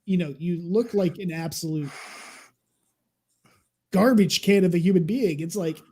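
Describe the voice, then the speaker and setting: A man's voice: high voice, measured pace, darkish tone. A man in his thirties co-hosting a casual online chat show, ranting in a sweary, sarcastic way. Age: 30s. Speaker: podcast co-host.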